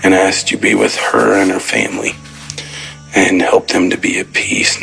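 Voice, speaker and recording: A man's voice: sits low, flat delivery, normal speed, gravelly, a bit bright, faint music behind, low-quality recording. A man calling in to pray aloud, solemn and emphatic. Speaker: caller. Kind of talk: spoken prayer.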